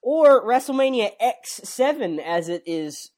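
A man's voice: extremely high pitch, sing-song, measured pace, darkish tone. A man hosting a casual podcast chat, joking and swearing now and then. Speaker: podcast host.

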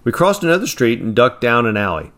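A man reads a first-person story aloud in a plain, steady way. Now and then he slips and restarts a phrase. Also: mid-range voice, brisk. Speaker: narrator.

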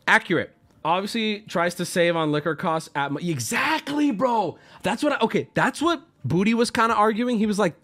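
Animated man telling a story. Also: fairly quick. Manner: animated, swearing, acts out friends' lines in a lower voice. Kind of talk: casual storytelling to stream chat.

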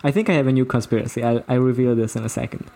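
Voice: mid-range voice, racing, warm tone. A podcast co-host talking casually and reading quotes aloud, with many fillers and restarts. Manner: storytelling, uses many fillers.

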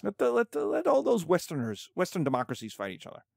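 Animated man giving a history lecture. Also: high-pitched, vocal fry, no room sound, clean studio sound. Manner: animated, conversational, quick asides.

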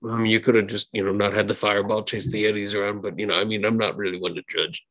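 A man's voice: on the low side, little pitch movement, fast talker, fairly bright tone. A man narrating as game master in a tabletop game, chatty and full of fillers.

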